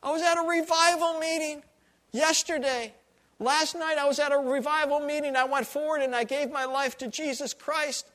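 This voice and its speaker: A man's voice: extremely high pitch, bright, forceful tone, voice pushed up. A man voicing a distraught, tearful woman who repeats herself breathlessly while confessing.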